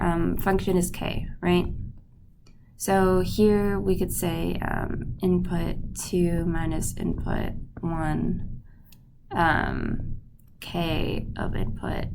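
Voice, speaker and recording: A woman with a lowish voice and vocal fry teaches a math lesson through a stuffy nose, with background noise behind her. She's patient, checking in with her students as she goes with a "right?" or an "okay?"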